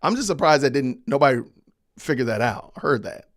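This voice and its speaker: Podcast host guy reading the chat, kinda raspy-fry voice, dead dry room, laughs a lot. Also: medium pitch, expressive, brisk, dry recording. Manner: chatty, reads viewer comments aloud with laughs. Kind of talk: casual livestream chat.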